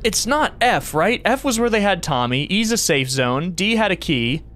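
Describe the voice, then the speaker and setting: A man streaming a horror game, thinking aloud to himself and reacting in a jumpy, excitable way. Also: high voice, normal speed, faint music behind. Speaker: gaming streamer. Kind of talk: let's play commentary.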